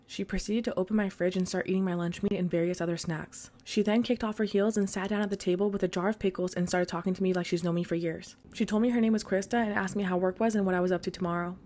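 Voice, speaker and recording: A woman narrating a scripted story in a brisk, even read-aloud manner. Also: mid-range voice.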